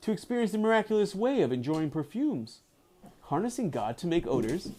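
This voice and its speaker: A man reading aloud voices a plump, bearded saint who speaks in a gentle, measured way. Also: high voice, very animated, voice pushed up. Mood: calm. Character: plump bearded male saint, calm and kindly.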